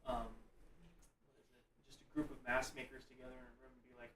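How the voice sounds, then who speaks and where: A man's voice: mid-range voice, little pitch movement, fast, pushed and bright, slight background noise. A man co-hosting a live stream, chatting casually and chiming in with easygoing remarks. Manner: easygoing, chimes in briefly. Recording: roomy, distant mic on a stream.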